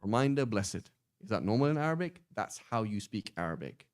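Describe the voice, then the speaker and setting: Low-voiced English man teaching Arabic. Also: a little fast. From England. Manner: pedantic, explains with lively examples. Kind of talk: online class teaching.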